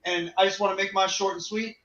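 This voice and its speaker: A man co-hosting a sports podcast, promoting his channel in a brisk way. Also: high voice, flat delivery, fairly bright tone, roomy sound, muffled recording, slight background noise. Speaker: podcast co-host. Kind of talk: casual sports podcast chat.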